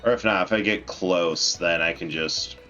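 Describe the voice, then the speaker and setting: A man's voice: deep voice, normal speed, sharp tone. A man doing casual, laid-back gameplay commentary as a streamer, rambling and self-deprecating. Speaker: let's play streamer. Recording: dull lo-fi mic with faint game music.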